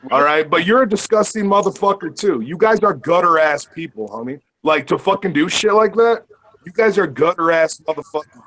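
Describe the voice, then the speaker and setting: Man from sonora, mid-high voice, taunting heated arguer. good for a podcast feud. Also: expressive, a little fast, a bit bright, slight background noise. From northern Mexico, Sonora area. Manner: taunting, repeats jabs, heavy cursing. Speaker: podcast guest. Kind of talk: heated argument.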